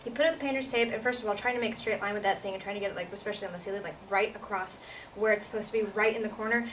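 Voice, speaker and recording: Giggly ranting woman, high voice. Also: fairly bright tone. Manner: giggly, rambling, exasperated. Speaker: actor. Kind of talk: comedic rant monologue. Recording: distant mic, faint room noise.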